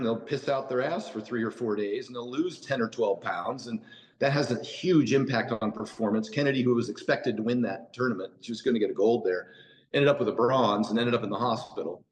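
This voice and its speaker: A man's voice: medium pitch, low-quality recording. An American man, a podcast guest, telling stories casually with many "you know" asides and restarts. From United States. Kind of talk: casual storytelling in a podcast interview.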